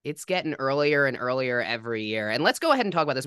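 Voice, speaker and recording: A young man co-hosting a comedy podcast in a bright, forceful voice. He jokes his way through mock-grand introductions. The recording is dry and close. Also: mid-range voice, sing-song, quick pace, smooth, no echo. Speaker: podcast co-host. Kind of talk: casual comedic podcast chat.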